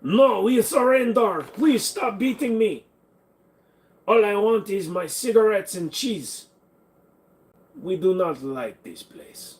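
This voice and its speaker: A man's voice: high voice, animated, takes it slowly, pitched above the performer's own voice. A man doing a whiny surrendering Frenchman. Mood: pleading. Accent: put-on French. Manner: whining, pleading.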